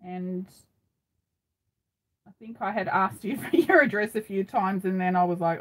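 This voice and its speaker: A woman's voice: mid-range voice, normal speed, long pauses, low-quality recording. A middle-aged Australian woman hosting a craft live stream, chatting casually and rambling with frequent ums, recorded on a phone. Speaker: craft channel host.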